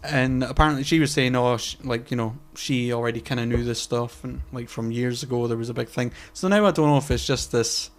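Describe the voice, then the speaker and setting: A man's voice: medium pitch, fairly even intonation, a little fast, few pauses. A man co-hosting a casual podcast chat, rambling with lots of fillers, restarts and casual swearing. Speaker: podcast co-host.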